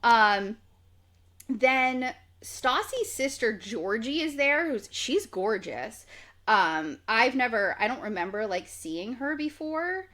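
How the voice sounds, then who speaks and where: A young woman co-hosting a podcast, chatting casually and acting out quotes in lively voices. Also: a little high, slow. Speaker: podcast co-host. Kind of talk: casual chat recapping reality TV.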